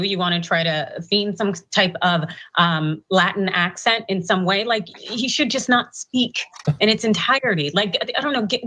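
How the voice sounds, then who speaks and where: A woman's voice: medium pitch, bright, forceful tone. A woman co-hosting a political talk show, exasperated and dismissive. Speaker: co-host. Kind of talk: casual political commentary.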